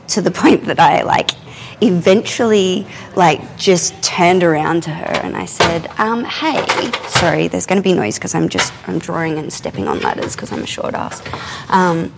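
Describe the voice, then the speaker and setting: Creaky-voiced woman telling a story. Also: on the low side, a little slow, noisy background. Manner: animated, candid, often swears and laughs. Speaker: artist and podcast host. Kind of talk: casual personal storytelling. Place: art studio, drawing and climbing ladders while talking.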